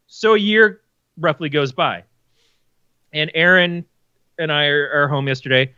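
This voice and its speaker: A man's voice: a little high, expressive, unhurried, pauses often, sharp tone, clear, resonant tone, no echo, highs cut off. A man co-hosting a podcast in casual chat, telling stories animatedly with plenty of swearing. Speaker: podcast co-host.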